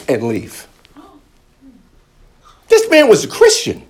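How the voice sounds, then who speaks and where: A man preaching a testimony sermon, joking with the congregation and breaking into loud high quoted voices. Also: sing-song, normal speed, long pauses, husky.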